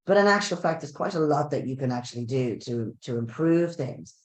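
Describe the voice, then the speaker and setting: A man's voice: medium pitch, animated. Guy hosting a webinar, stops and restarts a lot, echoey room on a call. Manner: halting, self-correcting, repeats words. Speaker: webinar host. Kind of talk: casual chat. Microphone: video call. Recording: roomy echo on a call.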